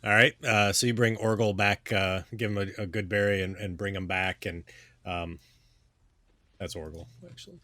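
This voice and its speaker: A man running a tabletop game as game master, talking in a relaxed, halting way with many fillers. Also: deep voice, dry recording.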